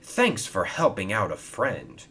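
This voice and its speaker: A man voicing an eager, excitable male steam engine in a fan-made toy train story. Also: fairly low pitch, slow pace, breathy edge, heavily acted. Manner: excitable, gushing.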